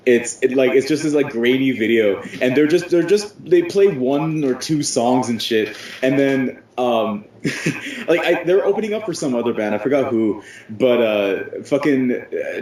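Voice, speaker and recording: A young man co-hosting a podcast, telling stories in an animated, profane, casual way. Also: medium pitch. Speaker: podcast co-host. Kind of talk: casual chat. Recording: echoey room.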